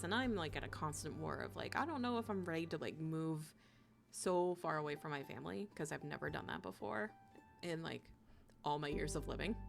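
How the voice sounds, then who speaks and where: A young woman with a deep, creaky voice streams a game live, chatting casually and giggling while game music plays. She says "like" a lot.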